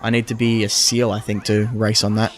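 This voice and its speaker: A man's voice: fairly low pitch, little pitch movement, brisk. A young man co-hosting a let's play, joking crudely and swearing freely in casual gaming commentary.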